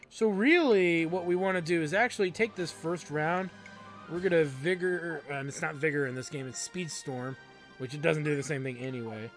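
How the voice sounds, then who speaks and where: A man's voice: a little high, moderate pace, fairly bright tone, faint music behind. A man hosting a let's play, giving casual gameplay commentary with crude jokes and many ums.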